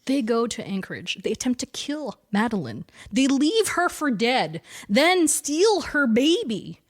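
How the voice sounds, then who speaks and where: A woman co-hosting a podcast in casual chat, retelling a comic storyline with animated energy and frequent laughter. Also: a little high, measured pace. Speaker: podcast co-host.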